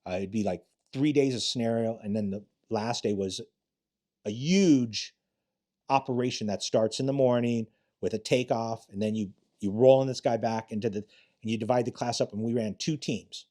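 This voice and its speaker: A man's voice: medium pitch, normal speed, darkish tone. An older man, a retired police detective, telling rambling, profane stories in a casual interview, often restarting his sentences.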